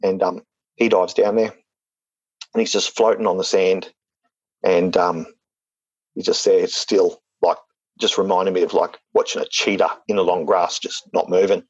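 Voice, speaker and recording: A man's voice: sits low, flat delivery, measured pace, long pauses, no echo, dull audio. A man telling a story in casual talk, rambling with lots of fillers and restarts. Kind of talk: casual spoken anecdote.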